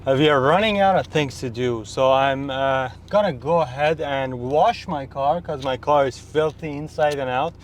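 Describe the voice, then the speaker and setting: A man's voice: medium pitch, moderate pace, few pauses, slight background noise. A young man talking casually to his camera from inside a car, chatty and mock-complaining about his challenge. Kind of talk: casual vlog narration. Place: inside a parked car in a city.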